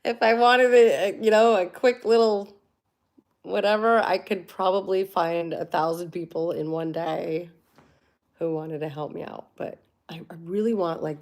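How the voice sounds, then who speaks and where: A woman's voice: lowish voice, darkish tone. A woman hosting a casual livestream, chatting candidly and laughing often. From United States. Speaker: livestream host.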